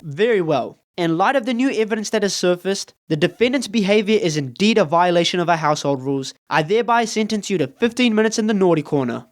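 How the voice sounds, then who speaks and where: A man's voice: sits high, expressive, fast talker, hardly any pauses, soft background music. A man playing a pompous mock judge. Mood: mock solemn. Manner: formal, solemn, mock-grave.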